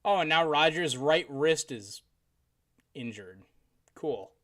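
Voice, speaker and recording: A man's voice: fairly high pitch, expressive, slow, a bit bright. A man commentating a live football game on his stream, calling plays and ranting in exasperation at his team's mistakes. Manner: exasperated ranting with bursts of sarcasm. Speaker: sports streamer.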